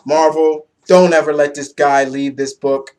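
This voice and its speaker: A young man giving a casual, excitable comic book review, loose and swearing freely. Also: on the high side, a little slow.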